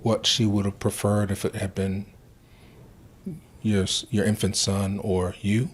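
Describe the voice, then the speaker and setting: A male interviewer who asks questions haltingly and restarts his sentences. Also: on the low side, little pitch movement, slightly rough.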